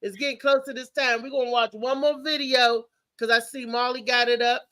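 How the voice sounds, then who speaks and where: A woman hosting a casual talk show, telling stories with lively slang and laughter. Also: on the high side, fairly quick, dry recording. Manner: animated storytelling, laughing, slangy. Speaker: show host.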